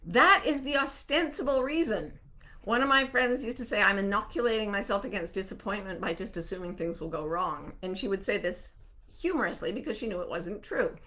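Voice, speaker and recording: A woman hosting a live online gathering, answering listener questions in an animated, reassuring way. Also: medium pitch. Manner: warm, animated, soothing when slowing down.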